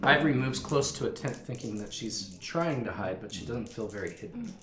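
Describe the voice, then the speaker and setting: Guy running a tabletop game, lively voice, echoey room with people chattering. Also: medium pitch, brisk, crowd noise. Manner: animated, laughing storytelling. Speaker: game master.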